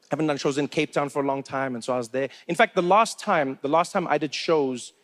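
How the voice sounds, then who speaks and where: A man from Africa, telling stories on stage in a chatty, animated stand-up comedy style, on a handheld mic. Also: on the high side, fast. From South Africa. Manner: chatty, animated, acts out characters. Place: stage at a live show.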